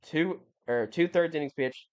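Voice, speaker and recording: A man's voice: on the high side, unhurried, smooth, muffled recording. A young man giving casual, rambling commentary over a video game, often correcting himself and sounding mildly exasperated. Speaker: gaming YouTuber.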